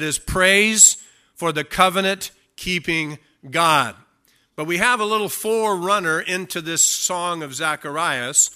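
A man preaching a sermon and reading from the Bible, emphatic, slowing down to stress key phrases. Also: fairly high pitch, bright, forceful tone, smooth.

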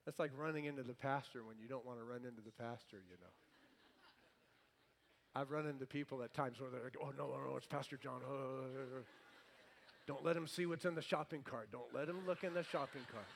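A male pastor preaching a sermon, lively and playful, with comic asides. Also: mid-range voice, fast, a little hiss or hum.

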